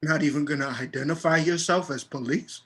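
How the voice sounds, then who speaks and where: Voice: mid-range voice, a little fast, fairly bright tone, lightly acted. An actor voicing an angry, grieving young man in a play reading, speaking with defiance. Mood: defiant.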